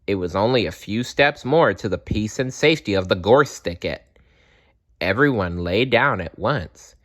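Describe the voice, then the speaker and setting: A man reading a children's story aloud in an expressive way, sometimes correcting himself. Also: on the low side. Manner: slow, expressive reading with small self-corrections.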